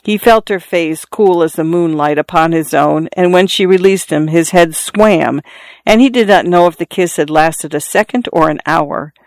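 A narrator reading a literary story aloud in a measured, even storytelling manner. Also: medium pitch, dry recording.

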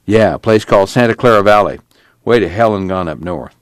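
Brief: male reader as a low, tired drifter, drawling and blunt, dry close sound. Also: brisk, no echo, natural voice. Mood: weary insistent. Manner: drawling, matter-of-fact rural speech. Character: weary, patient migrant worker man.

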